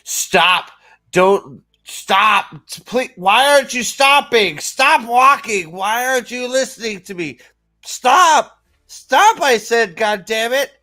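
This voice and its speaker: A man playing a frantic shouting Jedi. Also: extremely high pitch, lively intonation, slow, voice pushed up, full character voice. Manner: frantic pleading yells. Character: panicked Jedi shouting orders.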